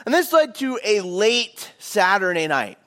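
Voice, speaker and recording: Young male pastor with a high voice, animated sermon storytelling. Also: measured pace. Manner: animated, acts out quotes.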